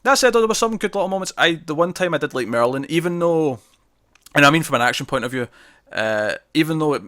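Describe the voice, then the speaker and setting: A man's voice: fairly high pitch, lively intonation, fast, bright, forceful tone, no room sound, studio quality. A man chatting casually on a TV review podcast, laughing often and acting out scene quotes.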